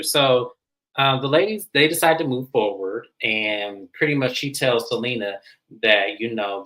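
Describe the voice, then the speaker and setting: A woman's voice: rumbling low, poor audio. A woman hosting a casual recap show, talking bluntly with plenty of profanity. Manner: blunt and profane, acts out quotes in animated voices. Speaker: show host reviewing a reality series.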